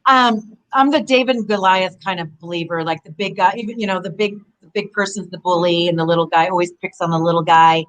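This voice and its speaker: A woman in her forties, a former wrestler and guest, telling rambling, animated stories full of "you know". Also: on the low side, brisk, hardly any pauses, poor audio. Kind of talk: casual interview storytelling.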